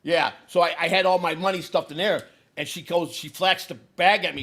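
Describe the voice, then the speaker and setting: This sixty-something Chicago storyteller has a voice on the high side and a quick pace. His long story is casual and profane, and he plays out the characters' lines with animation.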